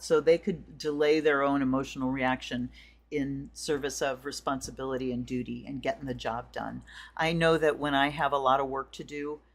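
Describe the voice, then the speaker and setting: A woman hosting a tarot and astrology livestream, chatting in a rambling way with viewers and then leading a slow blessing. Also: deep voice. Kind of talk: casual livestream chat and ritual blessing.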